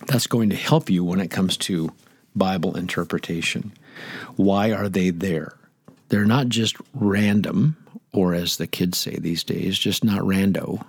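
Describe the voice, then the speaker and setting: Older male radio pastor, casual and digressive, husky tone, dry studio sound. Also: deep voice, a little slow, dry recording. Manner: chatty, rambling, jokey asides. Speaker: pastor and radio Bible teacher. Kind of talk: casual Bible teaching on air.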